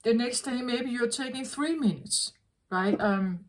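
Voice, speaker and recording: A woman tarot reader talking in a slow, earnest, reflective way, often repeating herself as she works through a thought. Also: on the high side, low-quality recording. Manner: slow, repetitive, earnest, self-correcting. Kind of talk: reflective spoken reading.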